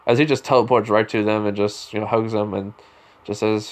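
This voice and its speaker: A man's voice: fairly low pitch, level tone, brisk, a little hiss or hum. A man casually telling a spoken fan story, rambling with lots of fillers. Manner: rambling, heavy use of "you know" and "like" fillers.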